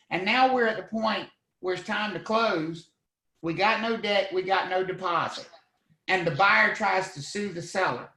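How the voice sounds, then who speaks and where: Guy teaching real estate, lively, keeps asking the class questions, bit high voice, echoey room. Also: moderate pace. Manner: lively, asks the class questions, acts out scenes. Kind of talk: live online class lecture.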